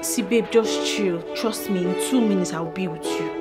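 A woman plays a young Nigerian tenant with a reassuring, soothing manner. Her voice sits at a middle pitch. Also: moderate pace, over loud music, lightly acted.

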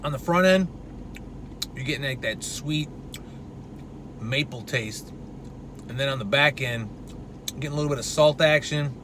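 A man's voice: mid-range voice, normal speed, long pauses, fairly bright tone, slight background noise. A man giving a casual, profane product review in a brash, loose way. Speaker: supplement reviewer.

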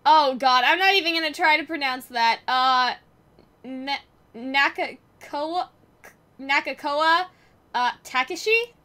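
A woman's voice: high voice, slow pace, sharp tone. A young woman giving casual let's-play commentary, chatty and swearing freely, with faint game music behind. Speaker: game streamer.

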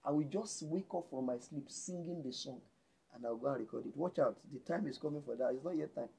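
A pastor with a Nigerian accent preaches a sermon, swinging between loud exclamations and hushed lines. His medium-pitched voice is creaky and husky, and he talks a little fast.

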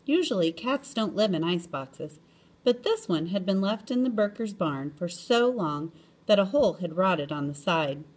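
Reading a children's chapter book aloud, a woman tells the story expressively and often lifts her pitch. She reads at a normal speed, and her voice is slightly rough.

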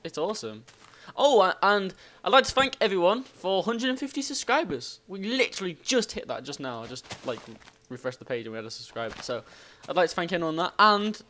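A man hosting a gaming channel, giving rambling, excitable let's play commentary and exclaiming at the game. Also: high-pitched, a little fast.

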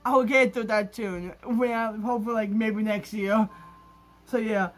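A man's voice: high-pitched, steady tone, moderate pace, a bit bright, faint music behind. A gaming YouTuber, a man, talking in an overexcited, gushing vlog style, rambling and restarting his sentences. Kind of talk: excited gaming vlog talk.

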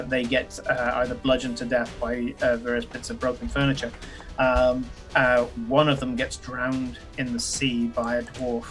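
A man's voice: mid-range voice, fairly bright tone. Rambling man running a tabletop game. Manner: rambling narration full of ums and uhs, swears casually. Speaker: game master.

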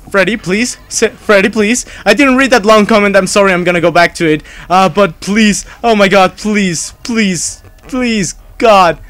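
A man's voice: high-pitched, normal speed, fairly bright tone. A man speaking English as a second language, nervously commentating his live gameplay, pleading and repeating himself. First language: not English. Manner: panicky, pleading and repetitive; swears when startled. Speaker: game streamer.

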